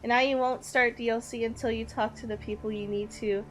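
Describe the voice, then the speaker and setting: A woman's voice: on the high side, steady tone, fairly quick, music in the background. A young woman streaming a video game, chatting casually and reading in-game text aloud, often correcting herself and laughing.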